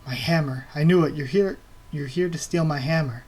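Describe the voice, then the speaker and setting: A man voicing a gruff, hot-tempered male lord who guards his hammer, reading the lines in close to his own voice. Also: a little high, moderate pace, darkish tone. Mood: indignant. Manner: read aloud in a near-normal voice.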